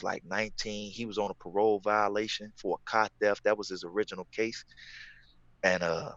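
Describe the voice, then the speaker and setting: A man's voice: lowish voice, a bit bright, no room sound, highs cut off. A man, a former prisoner, tells his story in a casual interview, repeating phrases for emphasis.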